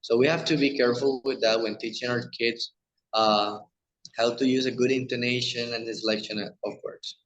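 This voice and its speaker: Male teacher, mid pitch, hesitant lecture delivery with fillers. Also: steady tone, normal speed, a bit bright, poor audio. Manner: hesitant, many fillers and restarts. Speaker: teacher presenting a lesson. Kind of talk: explaining slides in a lecture.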